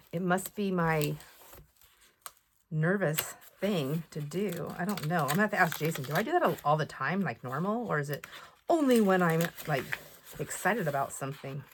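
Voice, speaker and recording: A woman chatting to camera while showing off a craft haul, excitable and full of fillers and asides. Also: lowish voice, slight background noise. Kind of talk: casual chat to camera.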